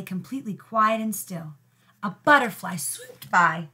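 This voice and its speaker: Lively woman teacher reading aloud. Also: mid-range voice, a little slow. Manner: expressive, lively storytelling. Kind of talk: reading a storybook aloud to young pupils.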